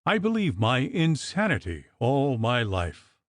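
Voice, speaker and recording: A man voicing a desperate, agitated young gentleman in an audiobook, with a piercing, trembling, pleading voice. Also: medium pitch, wildly swooping pitch, a little slow, no echo. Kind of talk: audiobook character reading.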